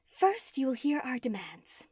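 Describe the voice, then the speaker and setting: A woman's voice: high voice, sing-song, a little slow, darkish tone, breathy edge, dry recording, clean studio sound, voice pushed up, full character voice. A woman narrator voicing a scheming, gloating female witch villain in an audiobook, her lines sneering and at times hissed. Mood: commanding.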